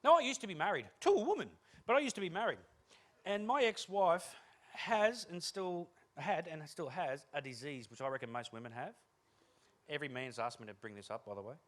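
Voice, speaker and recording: A man giving a humorous keynote talk on stage, telling energetic, joking stories to an audience. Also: on the high side, a little fast. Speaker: keynote speaker.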